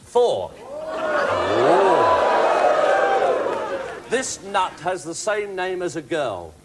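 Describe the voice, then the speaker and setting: Chirpy high-voiced guy hosting a game show, loud crowd and noisy old tv studio sound. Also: wildly swooping pitch, drawn-out words. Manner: chatty, teasing, upbeat. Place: TV studio with live audience. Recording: 1980s TV studio with loud audience and noise.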